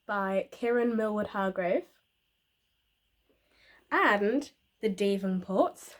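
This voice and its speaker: A woman's voice: mid-range voice, slow pace. A young woman chatting casually about books for her channel, rambling with fillers and little laughs. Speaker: book reviewer. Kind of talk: casual book review vlog.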